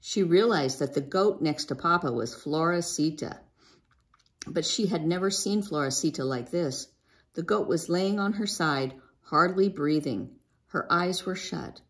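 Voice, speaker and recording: A woman reading a children's book aloud in a gentle, expressive way. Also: fairly low pitch, unhurried. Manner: gentle, expressive, lifts her voice for a young girl's lines. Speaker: storybook reader.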